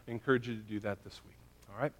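A man's voice: lowish voice, steady tone, very fast. A male pastor preaching a sermon in a conversational way, often checking in with his listeners by asking "right?" and "okay?".

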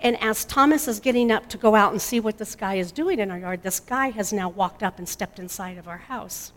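A middle-aged mother giving an emotional personal testimony, halting and restarting often. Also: medium pitch. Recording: long hall reverb.

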